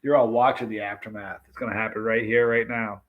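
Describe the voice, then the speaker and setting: A man's voice: fairly low pitch, flat delivery, a little fast, phone-quality sound. A man hosting a live stream, chatting and reading comments while his mouth burns from a very hot pepper extract, gasping and exclaiming. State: burning mouth, hiccuping.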